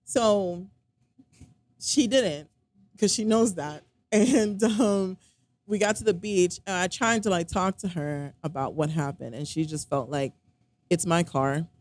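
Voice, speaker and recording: A woman whose voice sits on the low side, slightly slow and a little mellow, shares a personal story about a relationship. It's casual and rambling, packed with fillers and with lines quoted from other people.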